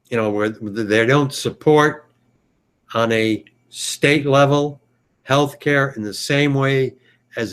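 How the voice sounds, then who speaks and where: A man's voice: mid-range voice, clear, resonant tone. American guy on a video call, middle voice, lots of ums and trailing off. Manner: thinking aloud, hesitant, many fillers. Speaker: podcast host. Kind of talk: casual video call chat.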